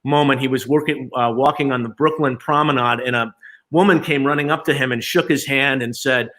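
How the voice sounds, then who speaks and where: A man's voice: medium pitch, steady tone, a little fast, sharp tone. A man, an agency chief executive, talking in a live remote interview with lots of fillers and restarts. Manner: conversational, many fillers and restarts.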